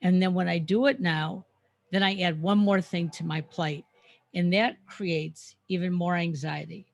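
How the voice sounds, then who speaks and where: A woman in her seventies with a fairly low voice co-hosts a podcast. She speaks candidly and fills pauses with ums. The sound is dry and close, with no room echo. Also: steady tone, vocal fry. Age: 70s. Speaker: co-host. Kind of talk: casual podcast chat.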